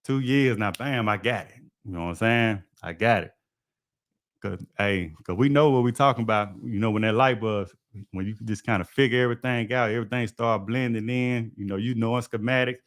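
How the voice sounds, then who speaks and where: A man's voice: fairly low pitch, fairly quick, fairly bright tone, no echo, studio quality. A man, hosting a livestream and telling stories from his trade in a laid-back, folksy way. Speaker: HVAC technician and livestream host. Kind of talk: casual livestream storytelling.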